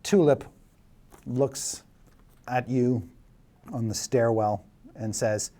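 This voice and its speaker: A man's voice: medium pitch, warm tone. Laughing man narrating a dungeon crawl. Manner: vivid, laughing narration with filler pauses. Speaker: dungeon master. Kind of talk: narrating a tabletop game.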